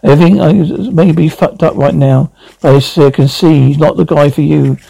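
A jaded, self-destructive middle-aged writer in a TV drama, sardonic and foul-mouthed, at times pleading. His voice sits a bit high for a man, with a gravelly fry and a dark, mellow tone, in a dry, close sound. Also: fairly even intonation, moderate pace, no room sound, low-quality recording. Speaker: lead character in a TV drama. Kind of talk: TV series dialogue.

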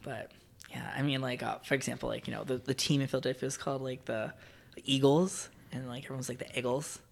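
A man's voice: mid-range voice, level tone, quick pace, gravelly. A young man from South New Jersey, chatting casually as a podcast guest and rambling with lots of fillers and restarts. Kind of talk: casual chat.

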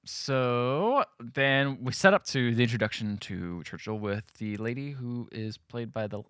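A man co-hosts a film podcast in casual chat, wandering through the plot with plenty of fillers. His voice is bright and swings widely in pitch. It sounds dry and close to the mic. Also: animated, unhurried, clear, resonant tone, dry recording. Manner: rambling film recap, heavy on fillers. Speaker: podcast co-host.

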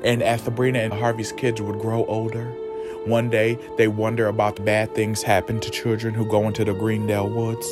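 A man's voice: lowish voice, monotone, brisk, music in the background. A man retelling a story in a dramatic, chatty, profane way. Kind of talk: casual storytelling recap.

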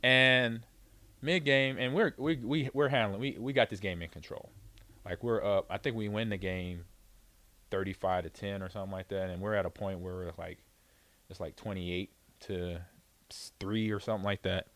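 A man's voice: fairly low pitch, normal speed. A middle-aged man, a former pro football player, telling a story in a casual way, acting out the voices of others and laughing often. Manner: animated, acts out quoted voices, laughs often.

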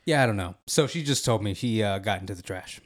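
A man's voice: fairly low pitch, expressive, fast talker. Laid-back man telling a story. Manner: laid-back storytelling, laughs often, slangy. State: driving while talking. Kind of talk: casual chat.

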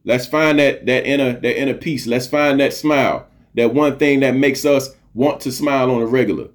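A man's voice: medium pitch, steady tone, moderate pace. Middle-aged male podcast host, mid-range voice, earnest motivational monologue, repetitive emphasis, casual swearing. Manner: earnest, preachy, repeats phrases for emphasis.

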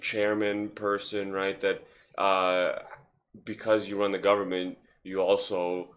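A man's voice: sits low, little pitch movement, slow, fairly bright tone. A man hosting a podcast in casual chat, rambling and profane with lots of fillers. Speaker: podcast host.

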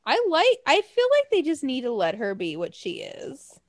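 Lively high-voiced woman chatting. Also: moderate pace, no room sound, studio quality. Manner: animated, swearing, laughing often. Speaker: podcast co-host. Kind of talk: casual chat.

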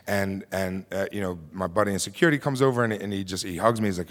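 A man's voice: low-pitched, fairly even intonation, fast talker, hardly any pauses. A man telling a dramatic personal story on a theater stage, then hosting and introducing the next storyteller. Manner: intense, dramatic, acts out quotes. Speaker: host and storyteller. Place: theater stage before a live audience.

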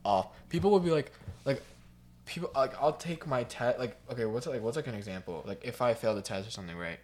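A man's voice: mid-range voice, fairly quick, a little mellow, slight background noise. A teenage boy chatting casually, ranting about people at school and mimicking them in exaggerated voices, with lots of fillers. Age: teens. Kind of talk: casual chat.

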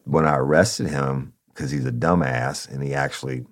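A man with an extremely deep, gravelly voice tells a story from his time as a narcotics officer. He talks bluntly and casually, swears freely, and speaks straight to the listeners as y'all. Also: steady tone, moderate pace.

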